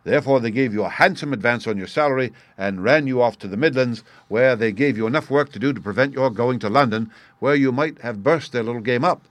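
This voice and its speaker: A man reading the lines of a sharp, confident male detective in a crisp, explanatory manner. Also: mid-range voice, a little fast, few pauses, no echo, lightly acted. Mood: explaining. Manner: crisp, explanatory, bursts of excitement.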